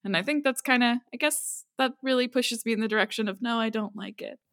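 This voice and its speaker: A woman's voice: fairly high pitch, fairly quick, a bit bright, dry recording, studio quality. A woman guest on a podcast, chatting casually and self-deprecatingly, often stumbling over her words. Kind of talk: casual chat.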